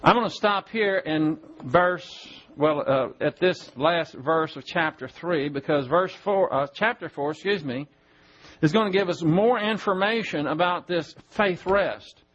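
A man preaching a sermon in a church, teaching Bible verses and slowly spelling out Greek words. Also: on the high side, a bit bright, lo-fi sound. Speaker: pastor.

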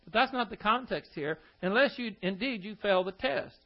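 A man with a high voice preaches a sermon. He keeps asking his listeners pointed rhetorical questions and throws in scornful asides. The recording sounds dull and lo-fi. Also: normal speed.

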